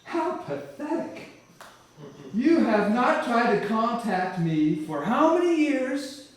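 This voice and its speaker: A man's voice: extremely high pitch, very animated, slow pace, pitched above the performer's own voice, full character voice. A man voicing a scolding, mocking male voice of God, sarcastic and scornful, heard in an echoey hall from a distance.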